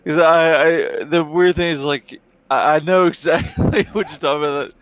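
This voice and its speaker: A man's voice: a little high, steady tone, moderate pace. A young man streaming a game, chatting casually in a rambling way with many fillers and restarts.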